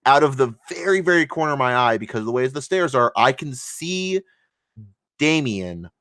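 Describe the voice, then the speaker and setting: A man's voice: medium pitch, lively intonation, normal speed, a bit bright, no echo. A man co-hosting a podcast, telling a gaming story in casual chat, heated and full of swearing. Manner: heated, profane ranting retelling. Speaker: podcast co-host.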